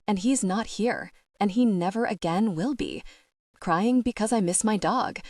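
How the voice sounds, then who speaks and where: A woman's voice: fairly low pitch, no echo, clean studio sound. A woman narrating a romance novel in the first person, in an intimate, confessional, emotional way. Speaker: audiobook narrator.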